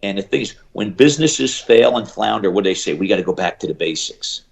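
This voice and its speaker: A middle-aged man, a shooting coach, telling stories in an animated interview and acting out the people he quotes. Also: lowish voice, gravelly. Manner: acts out quoted voices, fast bursts and emphatic repeats.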